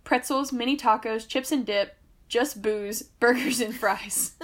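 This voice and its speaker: A woman co-hosting a podcast in casual chat, animated and giggly, quick to laugh. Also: on the high side. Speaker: podcast co-host.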